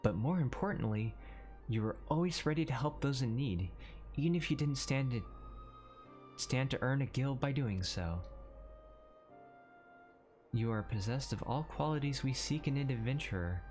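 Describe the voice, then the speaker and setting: A man voicing an earnest recruiter of adventurers, reading game dialogue in a formal, measured way. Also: medium pitch, expressive, darkish tone, faint music behind, pitched above the performer's own voice, natural voice.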